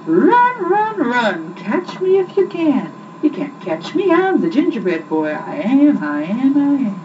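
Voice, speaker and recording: A woman voicing a boastful little gingerbread boy who taunts in a high sing-song chant. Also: animated, moderate pace, close to an everyday voice. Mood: taunting. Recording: muffled distant recording with loud background hiss.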